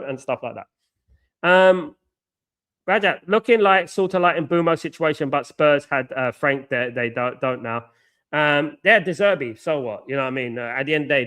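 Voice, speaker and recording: A man hosting a live watchalong, outspoken and animated, reading chat and ranting with lots of "you know what I mean.". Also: mid-range voice. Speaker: fan channel host.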